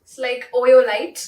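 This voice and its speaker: A woman's voice: high-pitched, a little mellow. A young woman, chatting bluntly and laughing as a podcast co-host. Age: 20s. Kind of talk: casual chat. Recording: roomy distant mic, faint hiss.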